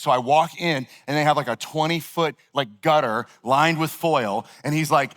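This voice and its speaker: A man preaching a sermon, telling a personal story in a casual, animated way with lots of filler words. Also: medium pitch, brisk, hardly any pauses. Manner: animated, conversational, heavy use of "like". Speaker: pastor.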